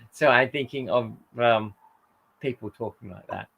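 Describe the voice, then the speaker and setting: A man's voice: mid-range voice, sing-song, takes it slowly, gravelly, a bit bright, husky, muffled recording. A tired man hosting a casual livestream, reading out viewer comments and rambling with lots of hesitations. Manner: rambling, hesitant, with frequent fillers and self-corrections. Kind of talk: casual chat.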